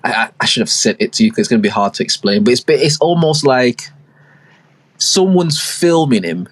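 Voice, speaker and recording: A young man rambles through a long story on a casual podcast, leaning on slang and fillers as he goes. His voice sits at an ordinary middle pitch with a husky edge. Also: animated, normal speed, no room sound. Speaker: podcast co-host. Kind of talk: casual chat.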